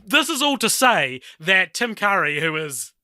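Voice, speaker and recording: A man's voice: high voice, unhurried, no room sound, studio quality. A man co-hosting a film podcast, talking in a casual, rambling way with lots of "like". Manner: animated, rambling, heavy use of "like". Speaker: podcast co-host. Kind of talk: casual film-review chat.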